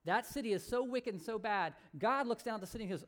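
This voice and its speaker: A woman pastor giving a sermon as animated, conversational storytelling. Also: on the high side, fast talker, few pauses.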